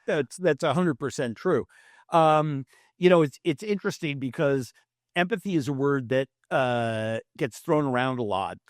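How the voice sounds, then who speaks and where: A man's voice: medium pitch, dry recording, studio quality. An older man in his sixties, a guest in an interview, telling stories animatedly and acting out the quoted dialogue. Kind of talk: conversational interview talk.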